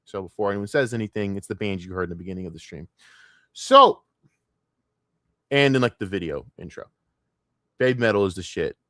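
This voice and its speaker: A man's voice: on the low side, brisk, long pauses, fairly bright tone, no echo, studio quality. A man streaming live, talking casually and ranting in a profane, combative, mocking way.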